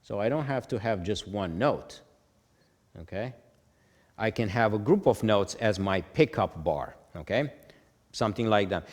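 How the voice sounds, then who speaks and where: A lower-voiced man teaches music notation in a patient, step-by-step way, counting beats aloud and sounding out rhythms on "ta". He keeps checking in with "okay?" as he goes. His voice carries a long reverb, like a hard-walled room. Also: animated, a little slow, pauses often, a little mellow. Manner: chants rhythms on "ta". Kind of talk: whiteboard lesson.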